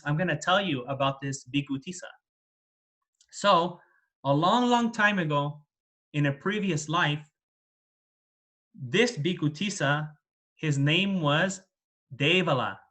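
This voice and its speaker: A man's voice: on the high side, bright, forceful tone. A man, a Buddhist monk, retelling a scripture story in a plain, repetitive way with fillers. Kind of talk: dharma talk storytelling.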